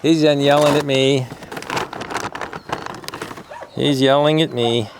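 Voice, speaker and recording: A man with a mid-range voice speaks slowly and fondly to rescue dogs at an outdoor sanctuary, coaxing them along. Now and then he turns to explain things to the camera, while barking and constant background noise fill the audio.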